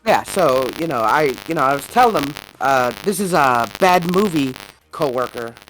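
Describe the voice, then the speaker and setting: A woman's voice: low voice, moderate pace, faint music behind, rough recording. A woman co-hosting a podcast, telling a story in a casual, swearing way with many fillers and reenacted exchanges. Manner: animated, swearing, laughing retellings with many fillers. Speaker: podcast co-host.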